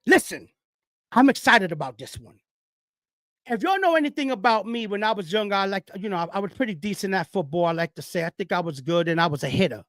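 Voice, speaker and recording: Animated man hosting a sports show. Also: high voice, fast talker, no room sound, clean studio sound. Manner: animated, preachy, hypes up segments with whoops. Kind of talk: casual sports talk monologue.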